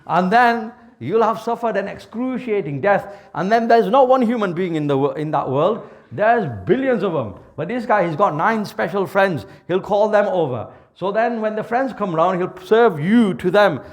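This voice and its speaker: Animated, high-pitched male preacher. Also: normal speed, hardly any pauses. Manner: vivid, dramatic storytelling; mixes Urdu and Arabic words. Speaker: Islamic preacher. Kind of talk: sermon storytelling.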